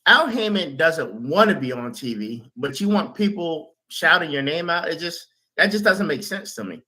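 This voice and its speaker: Bright-voiced man hosting an interview. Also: fairly high pitch, lively intonation, normal speed. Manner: conversational, reads viewer questions. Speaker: show host. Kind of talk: casual interview.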